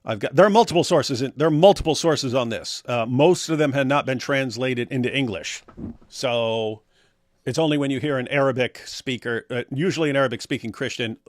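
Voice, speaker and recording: A man's voice: mid-range voice, fairly quick, no room sound, studio quality. A man co-hosting a casual livestream, reading viewer comments aloud, rambling and laughing at his own puns.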